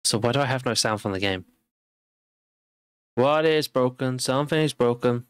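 A man's voice: medium pitch, moderate pace, clear, resonant tone, no echo. A man streaming a game from home, rambling casually and poking fun at himself as he plays. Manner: rambling and self-deprecating. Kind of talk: casual live-stream commentary while gaming.

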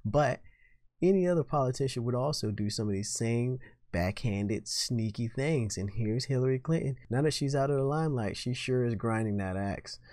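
A man's voice: medium pitch, normal speed, a little mellow, no room sound, clean studio sound. A man hosting his own political commentary show, talking in an opinionated, sarcastic way. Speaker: host.

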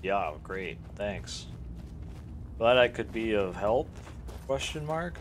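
A man's voice: fairly low pitch, takes it slowly, a little hiss or hum. A man streaming a fantasy video game, chatting casually with sarcastic jokes as he plays. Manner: joking, sarcastic asides. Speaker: gaming streamer. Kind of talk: casual let's-play commentary.

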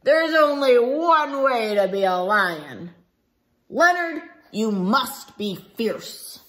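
A woman voicing a pack of fierce, menacing lions in a stern, growly, drawn-out voice. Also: fairly high pitch, big pitch swings.

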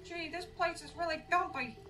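Woman doing a squeaky goofy game hero. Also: moderate pace, far from the mic, music in the background. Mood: mocking.

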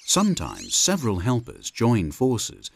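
A man narrating a wildlife documentary in a measured, informative scripted delivery. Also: mid-range voice, huge pitch swings, creaky, a little hiss or hum.

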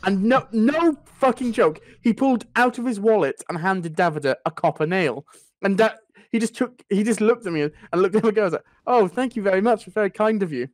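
A young man telling a funny anecdote in a casual chat, animated and swearing freely. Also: high-pitched, fairly quick, no echo. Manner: animated, swearing, laughing through the story. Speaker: podcast storyteller.

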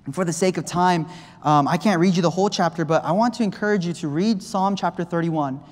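A man preaching a sermon in a church, impassioned, swinging between loud appeals and hushed pleas. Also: high voice, a little fast. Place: church sanctuary. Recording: long reverb of a church hall.

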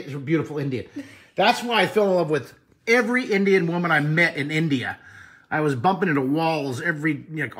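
A man with a bright, forceful voice that sits a little high for a man. He chats in an excitable, rambling way as he greets viewers on a live stream. The sound comes from a handheld phone in a house. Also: a little hiss or hum. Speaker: drawing teacher. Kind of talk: live-streamed casual chat. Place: living room of a friend's house. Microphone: handheld camera phone.

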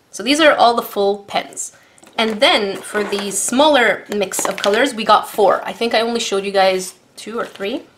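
Brief: young woman, casual unboxing vlog, bubbly and giggly, mid-range voice, faint hiss and pen scratching behind. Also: medium pitch. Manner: excitable, bubbly, giggly, repeats herself. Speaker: art supplies vlogger. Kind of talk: casual unboxing and product demo.

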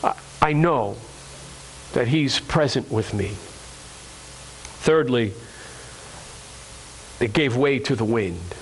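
A man's voice: mid-range voice, expressive, slow pace, pauses often, slight background noise, rough recording. A male pastor preaching a sermon to his congregation, earnest and repeating phrases for emphasis, calling listeners friends.

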